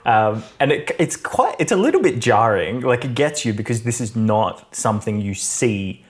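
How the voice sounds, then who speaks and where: Man, podcast co-host, casual and animated, slips into character voices when recapping. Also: mid-range voice, normal speed. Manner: animated, acts out scenes in put-on voices. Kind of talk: casual chat.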